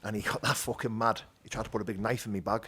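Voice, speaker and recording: A man with a Teesside accent telling his rough childhood story as an interview guest, blunt and animated, swearing freely. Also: fairly low pitch, fast talker. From North East England. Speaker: guest, bare knuckle fighter. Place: gym.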